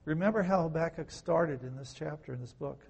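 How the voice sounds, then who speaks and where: A pastor gives conversational Bible teaching, firing rhetorical questions at listeners with wry, sarcastic asides and swinging between soft and loud. His voice is fairly high, a little fast, creaky and husky.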